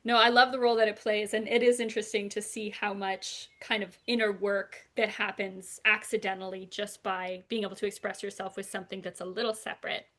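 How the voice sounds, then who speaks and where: A woman hosting a casual podcast interview, talking in a lively way, laughing often and acting out quotes. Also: mid-range voice, fairly quick, few pauses. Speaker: podcast host; puppeteer and teacher.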